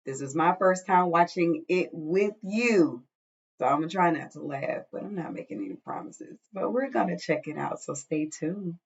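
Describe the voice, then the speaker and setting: A woman's voice: lowish voice, lively intonation, normal speed, creaky, muffled recording, slight background noise. A woman hosting a reaction video, opening with an upbeat, chatty intro.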